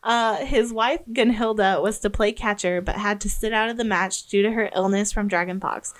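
A woman's voice: medium pitch, fairly even intonation, normal speed. American woman co-host, casual and giggly, stumbles over read-out names. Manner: giggly, stumbles while reading aloud. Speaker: podcast co-host. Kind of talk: casual podcast chat.

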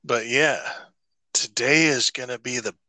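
A man's voice: mid-range voice, a little slow, pushed and bright, no room sound. A man co-hosting a podcast in casual chat, rambling with many restarts and some swearing. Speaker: podcast co-host.

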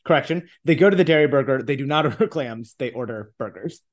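A man's voice: medium pitch, expressive, fast talker. A man co-hosting a podcast, making wry remarks and reading book passages aloud. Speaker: podcast co-host. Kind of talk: casual comedic book discussion.

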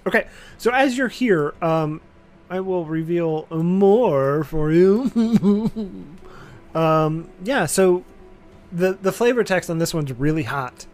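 A man runs a tabletop game, describing caves and bridges in a loose, casual way. His voice sits a little high for a man, and he laughs easily between lines. Faint music plays in the background. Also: expressive, slow pace, a little mellow. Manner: laughs often, casual, trails off. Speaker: game master.

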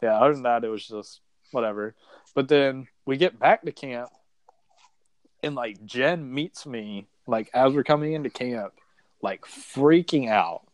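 A man's voice: mid-range voice, measured pace, no room sound. A man, a former contestant, telling a rambling story in a casual interview, filling his speech with "like" and acting out what people said. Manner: rambling, fills speech with "like", acts out quoted dialogue.

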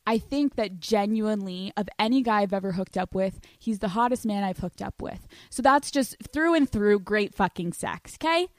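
A woman's voice: mid-range voice, expressive, normal speed, few pauses, dry recording. A woman in her twenties hosting a solo podcast, brash and profane, laughing often and slipping into put-on voices. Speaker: podcast host.

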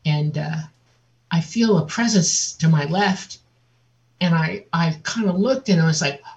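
A woman guest on an interview, telling a personal story in a lively way and acting out the voices of other people. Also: on the low side, measured pace. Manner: vivid, laughs often, acts out quotes. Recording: dull lo-fi audio.

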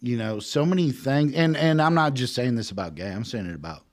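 A man's voice: medium pitch, expressive, a little fast. A man with a mid-range voice tells a long, crude story to his friends. His delivery is loose and rambling, full of profanity and casual asides. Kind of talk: casual chat.

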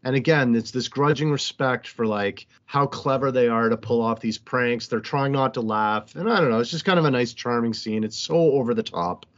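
A man's voice: medium pitch, normal speed, hardly any pauses, lo-fi sound. A man co-hosting a podcast, animatedly recapping a movie scene by scene with casual swearing. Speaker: podcast co-host.

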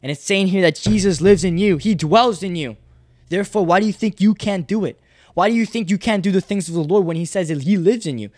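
A man's voice: high voice, a little fast, a little mellow, dry recording. Fervent man preaching in a dry room. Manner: passionate, urging listeners to repeat verses aloud; repetitive, emphatic preaching cadence. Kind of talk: podcast sermon with scripture reading.

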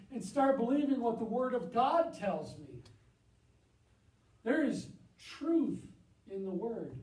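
A man preaching a sermon in a church, impassioned, swinging from loud emphatic peaks to low confiding asides. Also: roomy sound, distant mic, low-quality recording. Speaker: pastor. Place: church sanctuary.

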